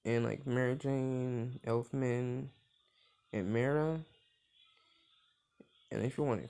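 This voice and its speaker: A man's voice: medium pitch, fairly even intonation, takes it slowly, creaky, long pauses, dark tone. A young man casually retelling a cartoon crossover story, rambling with constant filler words and swearing. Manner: rambling, full of "like" fillers, profane.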